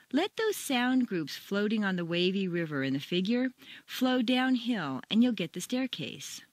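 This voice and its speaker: Woman narrator for a pronunciation course, measured delivery, lively pitch, dry close sound. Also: no echo. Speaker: pronunciation teacher. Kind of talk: scripted instructional narration.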